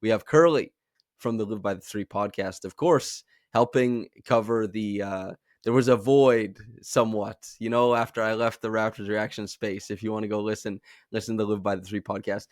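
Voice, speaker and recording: A man's voice: fairly low pitch, fairly even intonation, moderate pace, no echo, clean studio sound. A man in his twenties hosting a casual podcast, joking and rambling through introductions. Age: 20s. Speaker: podcast host.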